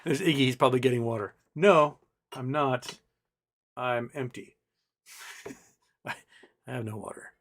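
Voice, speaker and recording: A man's voice: medium pitch, measured pace, pauses often. A man hosting a casual livestream, rambling with lots of fillers and restarts as he reads out viewer chat. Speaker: livestream host.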